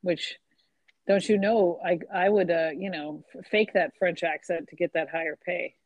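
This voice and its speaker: A young adult woman co-hosting a casual book chat, agreeable and quick to laugh. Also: on the low side, no room sound, rough recording. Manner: animated, agreeable, laughs easily. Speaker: podcast co-host.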